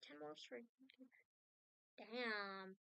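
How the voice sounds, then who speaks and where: A woman's voice: fairly high pitch, very slow, gravelly, pushed and bright, clean tone, no echo. A woman art streamer telling a long story in casual chat, rambling with many restarts and asides.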